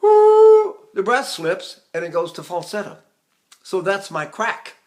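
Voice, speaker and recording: An older man, a voice teacher, explaining singing technique with halting restarts and sung demonstrations. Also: high voice, fairly bright tone.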